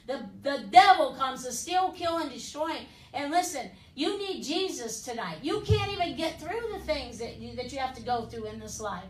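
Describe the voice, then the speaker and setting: Woman preacher, high voice, fervent and pleading, echoey room, mic a bit far off. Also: animated, normal speed, hardly any pauses. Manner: fervent, pleading, peppered with "listen" and "amen?". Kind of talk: broadcast sermon and altar call.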